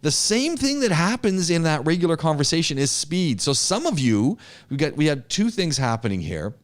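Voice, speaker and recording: Animated man teaching public speaking. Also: a little high, normal speed. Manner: animated, acts out sample chats, frequent restarts. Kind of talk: classroom lecture with feedback.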